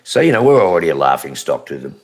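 A man with an Australian accent and a very low voice. He jokes loosely and crudely in casual radio chat. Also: big pitch swings, fast talker, slightly rough.

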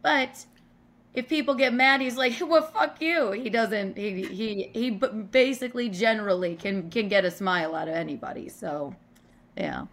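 A woman comedian in casual conversation tells a story with lots of energy, swears freely and laughs as she talks. Her voice sits at a mid pitch. She sounds like a podcast guest recounting a rough night on stage. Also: normal speed, a bit bright.

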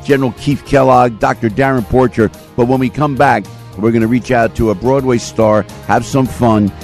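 An older man hosting a talk radio show, chatting and doing a live ad read in a lively, jokey way that swings between loud and soft. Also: mid-range voice, moderate pace, creaky, faint music behind. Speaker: radio host. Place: radio studio. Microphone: studio microphone.

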